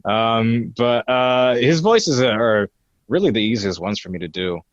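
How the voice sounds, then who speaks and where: A man's voice: medium pitch, a little slow, dry recording. Hesitant young man, slightly muffled. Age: 20s. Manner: hesitant, many fillers, slips into character voices. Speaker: guest voice impressionist. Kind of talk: podcast interview.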